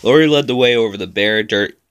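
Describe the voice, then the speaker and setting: A man's voice: mid-range voice, brisk, a bit bright, clear, resonant tone, dry recording. A man reading a horror story aloud in a dramatic, suspenseful first-person narration. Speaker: storybook reader.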